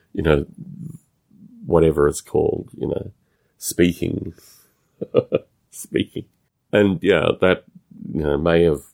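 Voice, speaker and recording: A man with a non-American English accent hosting his own podcast, musing aloud in a casual solo talk with halting restarts. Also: a bass voice, vocal fry, a little mellow. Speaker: podcast host.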